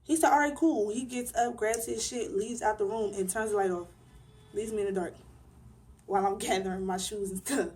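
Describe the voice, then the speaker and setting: A woman's voice: medium pitch, steady tone, normal speed, darkish tone. A young woman vlogger telling a personal story in a casual, emphatic way, full of slang.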